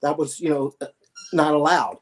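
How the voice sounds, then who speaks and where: A man with a high-pitched voice spins loose, animated stories as a podcast host. He rambles through anecdotes with plenty of asides, keeping it casual and chatty. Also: normal speed. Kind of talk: casual storytelling.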